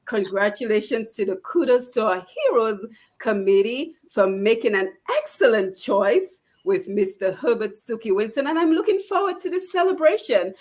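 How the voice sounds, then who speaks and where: A woman's voice: fairly high pitch, lively intonation, moderate pace, a little mellow. A woman giving a formal, inspirational congratulatory speech in an oratorical manner.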